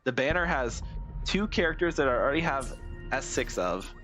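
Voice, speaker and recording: A man with a rough, hoarse voice giving casual gameplay commentary as a streamer, rambling, thinking out loud and swearing a lot. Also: mid-range voice, big pitch swings, moderate pace, faint music behind. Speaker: game streamer.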